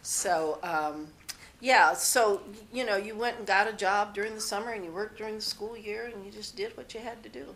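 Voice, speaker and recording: At a moderate pace, a woman with a medium-pitched, fairly bright voice shares personal stories during an interview. She rambles candidly, restarting her sentences often, over slight background noise.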